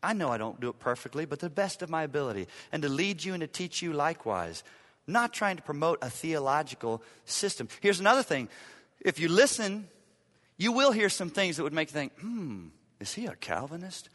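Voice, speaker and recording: A man preaching a sermon as pastor, emphatic, repeating key lines and swinging from loud to hushed. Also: a little high, animated, a little fast, long reverb tail.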